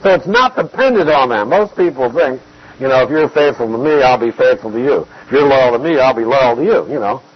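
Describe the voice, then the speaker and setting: A man giving an expository Bible teaching, measured and emphatic, repeating key phrases to drive points home. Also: medium pitch, expressive, slightly rough, lo-fi sound.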